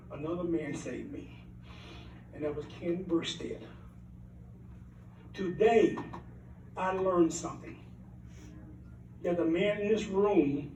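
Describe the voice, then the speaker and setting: A man's voice: a little high, darkish tone, a little hiss or hum. An older man from Alabama, giving a heartfelt, rambling acceptance speech full of anecdotes and repeated phrases. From Alabama, USA. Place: banquet hall at an awards event. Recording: roomy hall, mic at a distance.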